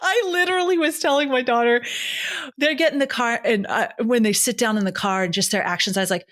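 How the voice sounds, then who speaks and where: A woman in her thirties co-hosting a horror movie podcast in casual chat, animated and swearing, acting out characters' lines with big jumps in her voice. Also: a little high, a little fast. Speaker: podcast co-host.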